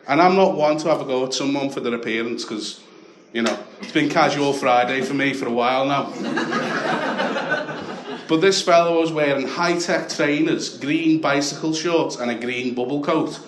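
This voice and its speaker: A young man with a Liverpool accent doing a stand-up set, telling stories deadpan and then shouting the punchlines. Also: mid-range voice, normal speed, slight background noise. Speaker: stand-up comedian. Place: comedy club stage with a laughing audience. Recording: echoey club with audience laughter.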